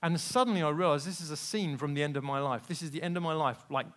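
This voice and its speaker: A man preaching a sermon, telling personal stories candidly and swinging between quiet asides and loud, emphatic peaks. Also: on the high side, fast. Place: church service.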